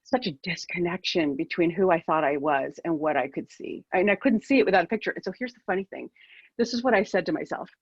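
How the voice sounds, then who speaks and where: A woman's voice: on the low side, fast, husky, no room sound, muffled recording. A woman in her fifties, a keynote speaker, telling a personal story over a video call in a candid, self-deprecating way.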